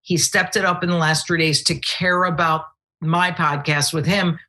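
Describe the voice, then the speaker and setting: Brash, foul-mouthed woman with a bright voice. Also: fairly low pitch, normal speed. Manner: brash, swears freely, animated storyteller. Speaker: podcast guest. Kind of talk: casual chat.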